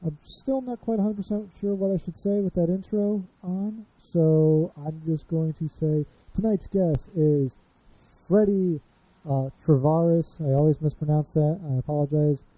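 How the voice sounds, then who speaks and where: A man's voice: fairly high pitch, normal speed, mellow, no echo, low-quality recording. A man in his thirties with a Chicago accent, hosting a casual podcast chat, rambling and self-deprecating as he fumbles with his notes. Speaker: podcast host.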